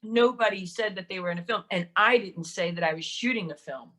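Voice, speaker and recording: A woman's voice: medium pitch, a little fast. A woman guest, telling set stories in a loose, laughing way and acting out what people said. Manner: animated, laughing, swearing, acts out quotes. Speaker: podcast guest, actress and director. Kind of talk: casual storytelling interview.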